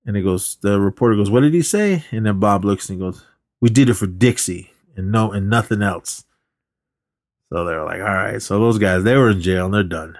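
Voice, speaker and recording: A man with a fairly low voice chats casually on a podcast, retelling a movie plot with plenty of ums and uhs and restarted sentences. His voice is close and dry, with no room sound around it. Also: steady tone, normal speed, no echo. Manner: rambling, lots of fillers and restarts. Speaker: podcast co-host. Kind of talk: casual movie recap chat.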